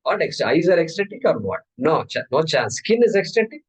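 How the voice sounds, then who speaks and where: A man's voice: on the high side, brisk, breathy edge, poor audio. A man giving a spiritual discourse as teacher, asking his listeners question after question. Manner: questioning, animated. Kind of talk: Vedanta discourse.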